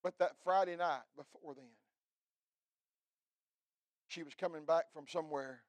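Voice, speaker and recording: Male pastor, middle-aged, fervent sermon voice, a bit high, dry close sound, loud peaks to quiet lows. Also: fairly even intonation, unhurried, no room sound. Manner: preachy, swings from shouting to hushed. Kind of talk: fiery revival sermon.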